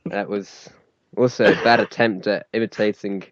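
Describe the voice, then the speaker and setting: A man's voice: lowish voice, steady tone, moderate pace, dry recording, highs cut off. A man co-hosting a casual podcast chat, explaining things and correcting his co-host.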